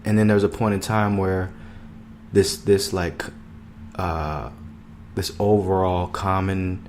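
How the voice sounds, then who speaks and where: A man's voice: sits low, a little mellow, a little hiss or hum. A young man hosting his own podcast, talking in a loose, profane, rambling monologue full of fillers. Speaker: podcast host.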